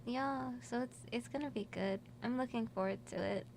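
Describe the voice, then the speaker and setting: A fairly high-voiced woman talks loosely and giggles through a relaxed radio interview. She rambles from one thought to the next. A faint hum sits under her voice in the studio. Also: normal speed, vocal fry. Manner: giggly, rambling, laughs often. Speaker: musician guest. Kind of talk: casual radio interview chat.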